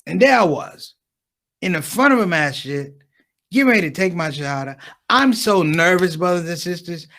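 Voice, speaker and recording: A man's voice: sits high, normal speed. A man doing stand-up comedy, talking straight to the crowd and acting out the people in his stories. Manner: animated, acts out others' voices, talks to the crowd.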